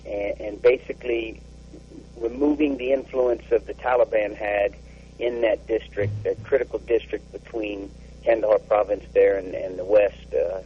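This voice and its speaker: A man, an army officer, recounting a deployment in a radio interview, halting with many fillers and restarts. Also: on the low side, steady tone, husky. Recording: dull lo-fi radio sound.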